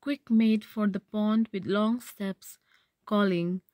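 A woman's voice: medium pitch, steady tone, slow pace, mellow, no room sound. A woman teacher reading a story aloud, then retelling each passage in simpler words.

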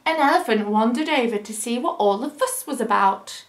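A woman teacher reading a picture book aloud for children, adding gentle, chatty asides to young listeners. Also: a little high, lively intonation, normal speed. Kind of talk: children's story time reading. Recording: roomy echo.

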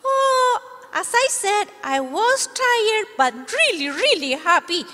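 A woman voicing an excitable, cheerful puppy dog puppet that barks and talks in a high, bouncy, eager voice. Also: slow, in a large hall, heavily acted. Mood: happy. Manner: eager, exclamatory.

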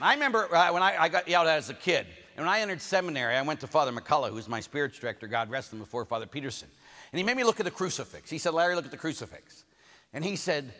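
A man, a priest, giving a conference sermon and telling stories lively, acting out the people he quotes. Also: on the high side, quick pace. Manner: animated storytelling, acts out the people he quotes. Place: large conference hall. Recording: hall reverb from a venue PA.

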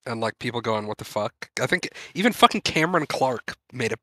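A man's voice: medium pitch, animated, a little fast, pushed and bright, dry recording. A man co-hosting a podcast, laid-back and blunt, swearing freely. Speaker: podcast co-host. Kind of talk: casual podcast chat.

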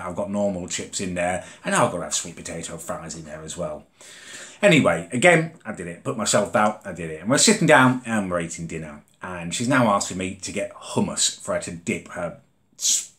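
A man's voice: sits low, a bit bright. A young Englishman venting in a vlog, exasperated and indignant as he rants about his mother. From England. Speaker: vlogger. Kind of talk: comedic rant vlog.

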